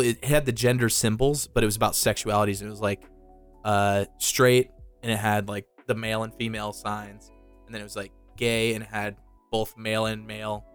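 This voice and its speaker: A man with a low voice talks casually on a podcast, relaxed and swearing often. He keeps slipping in filler words as he talks. Quiet music plays underneath. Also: smooth. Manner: relaxed, profane, says dude a lot. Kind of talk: casual chat.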